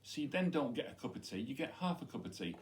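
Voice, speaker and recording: A man's voice: mid-range voice, sing-song, fast. Man, middle-aged, head teacher, playful, chatty, school video message. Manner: playful, chatty, demonstrating with props. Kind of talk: school science week video message to pupils.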